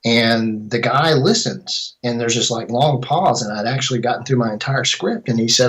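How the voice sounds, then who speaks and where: Middle-aged guy, filmmaker, casual interview, rambles and restarts a lot, normal pitch. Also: moderate pace, a bit bright, poor audio. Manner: rambling, self-correcting storyteller. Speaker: filmmaker and composer.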